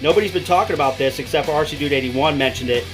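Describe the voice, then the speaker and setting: A man's voice: on the high side, racing. An enthusiastic, chatty man, giving a casual product walkthrough with many fillers. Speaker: RC product reviewer. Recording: music playing underneath.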